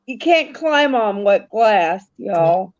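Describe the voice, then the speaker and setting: Slow-talking woman on a dull line. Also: fairly high pitch. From Missouri. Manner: slow, drawn-out storytelling. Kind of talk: casual live chat.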